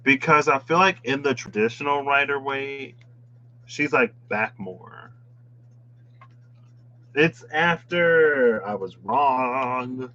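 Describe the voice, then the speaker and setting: A man's voice: mid-range voice, slow pace, long pauses, bright, forceful tone, dull audio. A man reading tarot cards in a casual chat, musing aloud with playful asides. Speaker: tarot reader. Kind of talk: casual tarot deck walkthrough.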